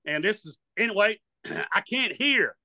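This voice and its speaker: A man's voice: sits high, lively intonation, a little slow, pushed and bright, dry recording. An older man with a Louisiana Southern accent, a duck hunting guide, telling rambling folksy stories in an interview and acting out the voices of the people in them. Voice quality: hard of hearing. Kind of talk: storytelling in an interview.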